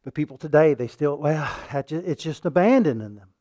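A man preaching a sermon in a fairly high voice, recorded close and dry with no room sound. He swings from loud, pressing peaks down to quiet asides, and he keeps asking the congregation questions and repeating words to drive them home. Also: lively intonation, brisk, no echo.

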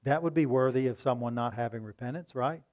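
A man preaching a sermon in a conversational tone, asking rhetorical questions and reading scripture slowly. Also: mid-range voice, a little mellow.

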